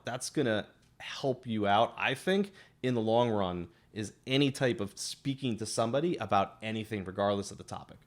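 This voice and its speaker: A middle-aged man, a guest entrepreneur, answering interview questions in a casual, animated, advice-giving way with frequent restarts. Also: mid-range voice.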